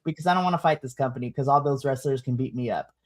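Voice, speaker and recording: Animated wrestling podcast co-host. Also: very fast. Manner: animated, lively swings in pitch, laughs often. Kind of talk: casual wrestling review chat.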